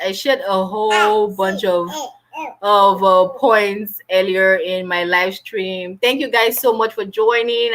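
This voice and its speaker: Loud, bright-voiced woman on a live stream. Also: mid-range voice. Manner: loud, animated, says she is always shouting. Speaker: YouTuber hosting a live stream. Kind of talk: casual live-stream chat. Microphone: built-in mic, no lapel mic.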